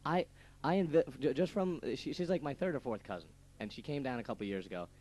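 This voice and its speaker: A man's voice: medium pitch, quick pace, a little mellow. A young man co-hosting a casual radio show, rambling through stories with lots of stammered restarts and laughs at his own jokes.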